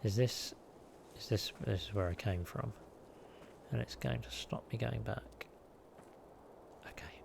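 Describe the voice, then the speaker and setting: A man's voice: fairly low pitch, measured pace, gravelly, long pauses, noisy background. A man live-streaming a video game, chatting and rambling casually with self-deprecating asides.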